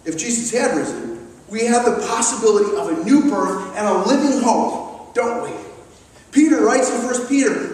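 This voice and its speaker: Male pastor, very high voice, emphatic sermon delivery, recorded from a distance in a big reverberant hall. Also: lively intonation, moderate pace, a little mellow. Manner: emphatic, acts out the disciples and Thomas. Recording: echoey hall recorded from far off.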